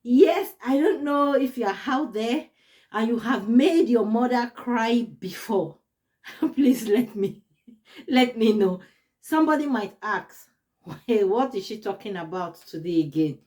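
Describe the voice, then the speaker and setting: Woman, young adult, vlogger, casual storytelling, fairly high voice, laughs often. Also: expressive, a little slow, darkish tone. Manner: laughs often, repeats words for emphasis. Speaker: YouTube vlogger.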